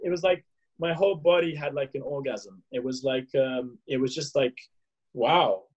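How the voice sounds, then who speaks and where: A man from South Africa in his thirties, telling a personal story as a podcast guest, animated and full of fillers. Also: mid-range voice, moderate pace, highs cut off, slight background noise. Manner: animated, acts out his own past dialogue, many fillers and restarts. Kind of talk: casual storytelling.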